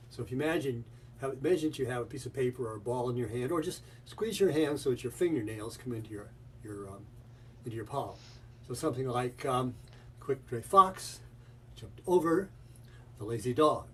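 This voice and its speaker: A man's voice: mid-range voice, a little mellow, far from the mic, a little hiss or hum. A man giving a webinar demonstration of pronunciation teaching, breaking up his talk with rhythmic chanted example sentences.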